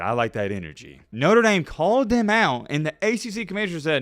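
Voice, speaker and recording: A young man giving a solo sports commentary rant, animated and swinging between loud outbursts and low asides. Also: a little fast, no room sound, studio quality.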